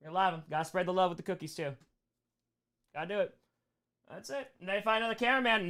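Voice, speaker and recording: A young man with a hoarse voice, reading chat questions on a casual live-stream Q&A, jokey and fond of repeating short phrases. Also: sits high, quick pace, long pauses, fairly bright tone.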